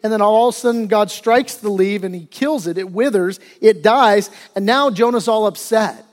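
A man's voice: sits high, moderate pace. A man preaching a sermon as pastor, retelling scripture in a conversational way with casual asides. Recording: long reverb of a large hall.

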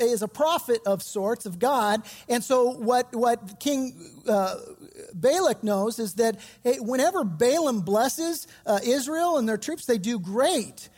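High-voiced pastor preaching in a reverberant hall. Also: male voice, a little mellow. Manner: casual storytelling with slang. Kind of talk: sermon.

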